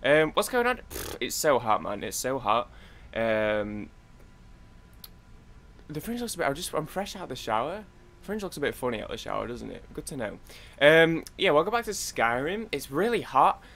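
A man's voice: mid-range voice, sing-song, normal speed, gravelly, a bit bright. A young man rambling and chatting with himself as he plays a video game and comments on it. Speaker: gaming channel host. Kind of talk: gameplay commentary.

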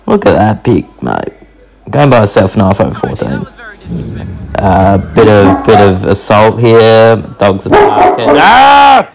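Slangy gravelly young man. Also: lowish voice, darkish tone. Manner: slangy, says mate constantly. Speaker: vlogger. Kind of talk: casual vlog narration.

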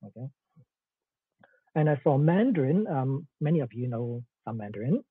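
Man lecturing, husky voice, dry tinny call audio, explanatory manner. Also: fairly high pitch, expressive, normal speed, no room sound. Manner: explanatory, with frequent fillers and checks like "okay". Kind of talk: online academic lecture.

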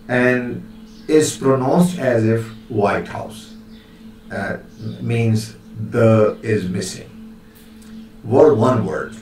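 A man's voice: mid-range voice, expressive, a little mellow, distant mic. A man giving a linguistics lecture, hesitant and full of fillers, stopping to demonstrate how words are pronounced. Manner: slow, hesitant delivery with many fillers, demonstrating pronunciations. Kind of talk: recorded lecture. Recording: very echoey room, voice a bit off-mic, faint hiss.

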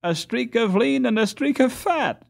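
A man's voice: extremely high pitch, animated, unhurried, creaky, pitched above the performer's own voice, full character voice. A man voicing a young boy who laughs and teases in an audiobook. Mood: teasing.

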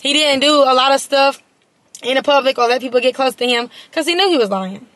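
A young woman vlogger speaks straight to her camera in a high, bright voice. She tells her story with emphasis, leaning on repeated words and talking to viewers as y'all. The sound is close and dry, with no room echo. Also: a little fast. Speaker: beauty and lifestyle vlogger. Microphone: compact camera mic.

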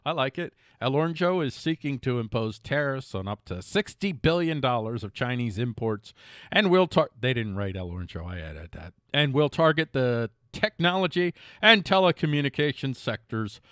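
A man's voice: medium pitch, expressive, moderate pace, fairly bright tone, dry recording. A middle-aged man hosts a casual news commentary show, his voice swinging widely up and down as he reads headlines. He keeps cutting in with jokey, self-mocking asides, stumbling and restarting now and then. The sound is close and dry, with no room around it.

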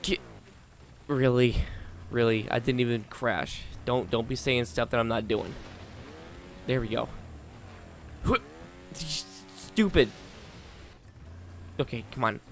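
A man giving live gameplay commentary as a gaming channel host, talking to himself and the game, swinging between low muttering and exasperated outbursts. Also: steady tone, slow pace, pauses often, a little hiss or hum.

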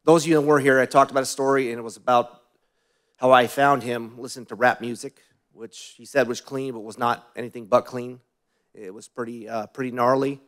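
A male pastor giving a sermon, telling personal stories in a conversational way and asking the congregation questions, often dropping to quieter asides. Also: mid-range voice, fairly even intonation, a little fast.

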